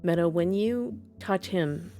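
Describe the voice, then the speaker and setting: A woman's voice: fairly low pitch, takes it slowly, mellow, faint music behind. A woman narrating a tabletop game as game master, describing scenes vividly in the second person.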